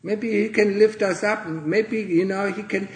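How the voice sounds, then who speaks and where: A man, a Buddhist monk, giving a Dharma talk to fellow monastics in a monastery, earnestly tagging nearly every phrase with "yeah?" or "huh?" and often clearing his throat. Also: high-pitched, steady tone, unhurried, echoey room, poor audio. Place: monastery in Thailand.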